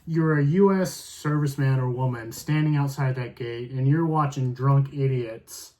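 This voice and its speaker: A man's voice: medium pitch, moderate pace, mellow. A man in his thirties chatting on a podcast in a middle-range voice. He rambles along, leaning on "like" as he hunts for his point. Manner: rambling, heavy use of "like". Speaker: podcast co-host. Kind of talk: casual chat.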